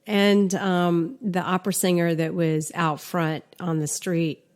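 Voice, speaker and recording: Low-voiced woman hosting a casual podcast. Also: a little slow. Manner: relaxed, conversational, with fillers and restarts. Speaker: podcast co-host.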